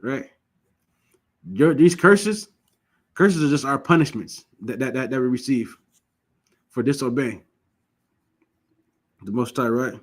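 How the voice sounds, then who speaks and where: A man teaching a religious class, emphatic and repetitive, often asking the listeners questions and telling lively stories. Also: medium pitch, slow, long pauses. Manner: lively storytelling.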